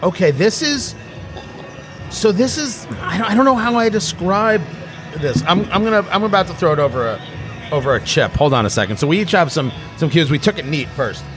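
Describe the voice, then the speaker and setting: Middle-aged guy hosting a chatty show, kinda high voice, trips over his words a lot, faint music behind. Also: animated, brisk. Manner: rambling, self-interrupting, jokey. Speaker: podcast host. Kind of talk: casual tasting chat.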